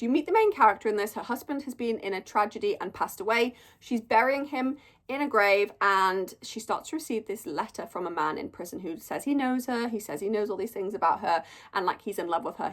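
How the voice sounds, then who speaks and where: Lively chatty woman reviewing books. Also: medium pitch, brisk. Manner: chatty, gushing, animated storytelling with frequent "like". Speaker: book reviewer. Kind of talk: casual monthly reading wrap-up.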